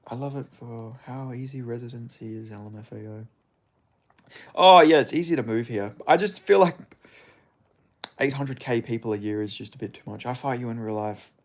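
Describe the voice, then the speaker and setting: Gravelly Australian man bantering with chat. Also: mid-range voice, moderate pace. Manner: blunt, profane, laid-back banter. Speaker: streamer reading chat. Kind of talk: casual livestream chat.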